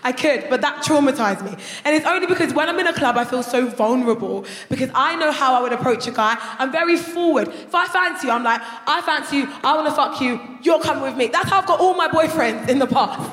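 A young woman performing a loud, brash stand-up comedy routine on a theatre stage, breaking into shouts as she tells her story. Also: high-pitched, lively intonation, fast talker, few pauses. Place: theatre stage before a live audience. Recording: echoey hall with loud audience laughter.

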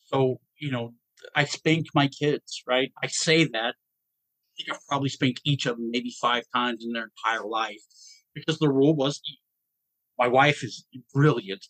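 Halting, subdued man. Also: a bit bright, dry recording, poor audio. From Georgia, US. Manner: halting, stammering restarts, low and subdued. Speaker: guest dad. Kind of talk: personal story in a podcast interview.

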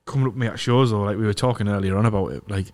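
A man's voice: fairly low pitch, steady tone, racing, darkish tone. A man, hosting a casual podcast and telling stories, swearing often and putting on voices for the people in his anecdotes. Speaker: podcast host and comedian. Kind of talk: casual chat.

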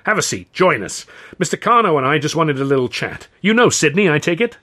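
Brief: a man voicing a hearty wealthy host, husky, persuasive and warm. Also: fairly high pitch, very animated, a little fast, voice pushed up. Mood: welcoming. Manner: warm, welcoming.

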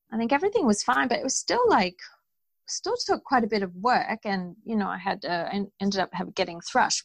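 A woman speaking as an interview guest, telling her story in an earnest, animated way. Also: medium pitch, dry recording, rough recording. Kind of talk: conversational interview.

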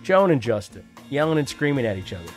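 Wry, profane New storyteller, middle-pitched man, over faint background music. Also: very animated, fast. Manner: wry, profane, acts out quoted voices. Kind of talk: personal storytelling monologue.

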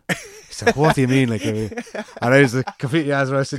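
A man's voice: mid-range voice, very animated, quick pace, few pauses, no echo, clean studio sound. A man with an Irish accent telling a long, rambling anecdote in casual chat, acting out the quoted lines and swearing freely.

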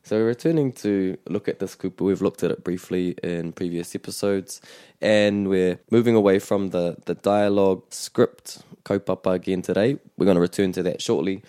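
A man hosting a bilingual language lesson, explaining in a measured way with small restarts. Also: low-pitched, dark tone, clean tone, no echo, studio quality. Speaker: te reo Māori teacher and podcast host.

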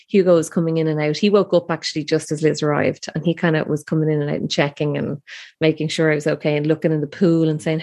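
A woman's voice: sits low, a little mellow. A woman in her thirties casually telling her birth story, chatty and emotional, with many fillers and restarts.

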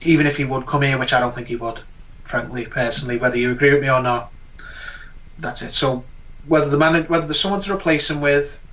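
A man's voice: mid-range voice, fast, fairly bright tone, highs cut off. A man giving his views as a guest pundit in a casual chat, earnest and full of fillers and restarts. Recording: voice distant from the mic.

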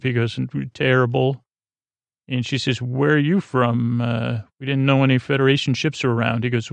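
A man hosting a podcast, loosely retelling a TV episode in a rambling, halting way with many fillers and jokey paraphrases. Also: medium pitch, creaky, dry recording. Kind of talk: soft-spoken bedtime recap.

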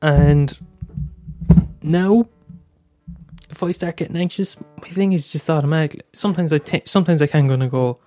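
A man's voice: a little high, normal speed, mellow, no room sound, soft background music. A young Irish man hosting a casual solo podcast, talking candidly with frequent swearing and stammered restarts. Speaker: podcast host.

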